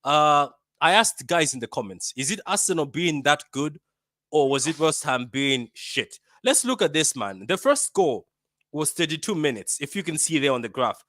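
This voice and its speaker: Fan-channel host, man from Africa: bantering match reaction, bright forceful voice, fairly high, dry close sound. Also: normal speed, no echo. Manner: animated, bantering, repeats himself.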